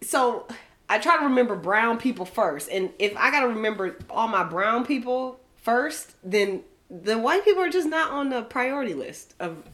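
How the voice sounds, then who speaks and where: A young woman co-hosting a podcast in casual chat, animated and often laughing as she rants. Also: on the high side, moderate pace. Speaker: podcast co-host.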